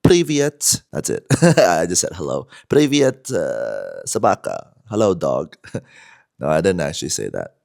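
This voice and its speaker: A man with a very low, deep voice tells a story casually to the camera. He rambles in a relaxed way and fills his talk with "you know" and "like.". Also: normal speed, vocal fry. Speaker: vlogger.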